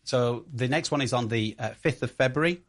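A man's voice: mid-range voice, fairly quick. A man with a Yorkshire accent, a radio guest talking about online security, speaking hesitantly with many fillers. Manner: hesitant, many ums and uhs. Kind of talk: radio interview.

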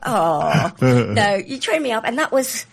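A woman hosting a radio talk show from a studio mic, her voice croaky, chatting in a bubbly way with frequent laughs. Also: mid-range voice, big pitch swings, measured pace, no echo. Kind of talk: casual radio chat. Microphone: studio microphone.

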